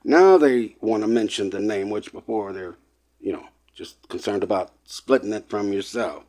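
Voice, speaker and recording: A man's voice: fairly low pitch, normal speed, a little mellow. Emphatic man ranting to listeners. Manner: emphatic, repetitive, gets worked up; lecturing, addresses listeners as people. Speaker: online presenter. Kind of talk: impassioned monologue.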